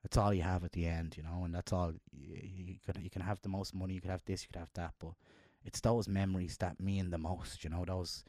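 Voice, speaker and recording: Man, emotional, low voice. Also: little pitch movement, a little fast, few pauses, mellow, no room sound, studio quality. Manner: emotional, heartfelt, jumps up in pitch when quoting himself. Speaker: podcast co-host. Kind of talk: casual chat.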